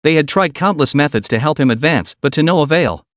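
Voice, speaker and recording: A man's voice: on the high side, lively intonation, a little fast, a bit bright, dry recording, studio quality. A man narrating a recap story in a scripted read, voicing all characters in the same plain voice.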